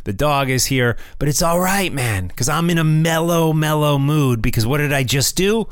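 A man's voice: on the high side, expressive, moderate pace, smooth, no room sound, studio quality. A man hosting his own podcast in a casual solo talk from a room at home, chatty and loose, often repeating himself and calling listeners "man". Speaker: podcast host. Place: room at home with family nearby.

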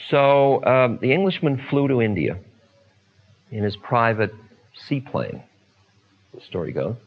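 A man telling spiritual stories to listeners in an unhurried talk, pausing often with fillers. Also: mid-range voice, animated. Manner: unhurried, many pauses and fillers. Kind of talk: storytelling talk. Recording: dull lo-fi recording.

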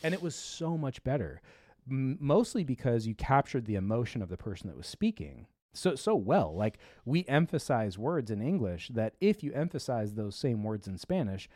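A man in his regular speaking pitch hosts a tech show, talking casually and rambling with plenty of fillers, restarts and small detours. He sits close to the mic in a dry room with almost no reverb. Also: big pitch swings, moderate pace, dark tone. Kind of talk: casual chat.

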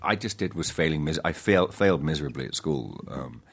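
A middle-aged man, an actor telling stories in an interview, halting and self-deprecating with many restarts. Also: extremely low pitch, lively intonation, husky. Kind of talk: casual interview storytelling.

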